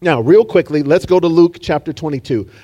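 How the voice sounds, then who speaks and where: A man's voice: a little high, fairly quick, warm tone, muffled recording. A man preaching a sermon as pastor, telling a story in a dramatic way and calling on the congregation for responses. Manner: dramatic storytelling, acting out quotes.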